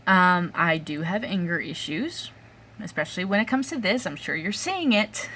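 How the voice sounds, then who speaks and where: A woman's voice: lowish voice, expressive, moderate pace, pushed and bright, slight background noise. A young adult woman vlogging an angry rant, swearing often and breaking off with fillers and sighs.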